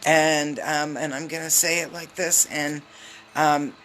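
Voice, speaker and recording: A woman giving a casual live tarot reading on a phone, chatty and loose, with lots of filler ums and quick hellos to her viewers. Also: low voice, steady tone, a bit bright, a little hiss or hum. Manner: greets viewers mid-reading. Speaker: tarot reader.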